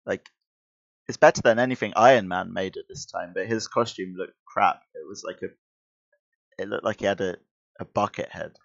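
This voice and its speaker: Man, comic reader, casual chatty asides, low pitch, dull lo-fi audio. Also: moderate pace, gravelly. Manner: chatty asides, self-correcting. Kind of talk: casual comic-book reading with commentary.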